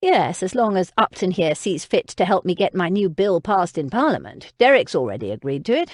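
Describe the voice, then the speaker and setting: A woman voicing a gruff young earl and war veteran in an audiobook. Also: high-pitched, sing-song, brisk, no room sound, studio quality. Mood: determined.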